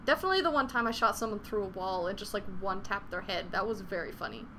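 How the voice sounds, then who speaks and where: A woman's voice: medium pitch, lively intonation, fast, noisy background. A young woman chatting casually on a live gaming stream, swearing freely and venting frustration between laughs. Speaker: game streamer.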